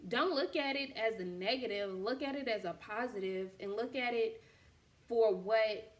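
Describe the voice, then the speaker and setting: A woman's voice: fairly high pitch, moderate pace. A woman hosting a casual faith talk, speaking candidly in slangy, storytelling fashion. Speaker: podcast host and boutique owner.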